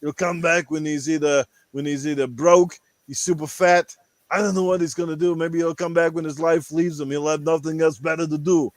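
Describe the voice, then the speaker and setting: A man with a rough throat putting on a crude, boastful action-star impression, ranting vulgarly. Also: fairly high pitch, flat delivery, fairly quick, dry recording, lightly acted. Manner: vulgar, boastful, rambling rants.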